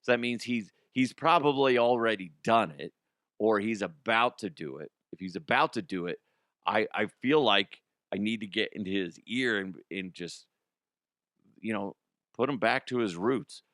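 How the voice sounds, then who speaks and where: Low-voiced rambling sports talk host. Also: male voice, moderate pace, fairly bright tone, dry recording, clean studio sound. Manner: rambling, profane, slips into mock impressions. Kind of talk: casual comedic sports talk.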